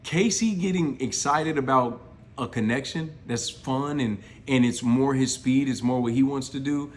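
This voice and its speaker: Exasperated man recapping a reality show. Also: medium pitch. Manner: exasperated, blunt, uses slang like y'all and bro.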